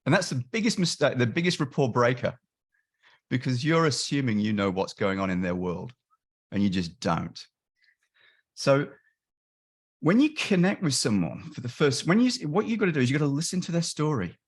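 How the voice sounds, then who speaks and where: A man on a webinar video call, explaining his years of crisis line volunteering, with frequent restarts and quick acted-out quotes of callers and helpers. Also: mid-range voice, very animated, slightly rough. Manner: frequent restarts and self-corrections. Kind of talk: webinar discussion.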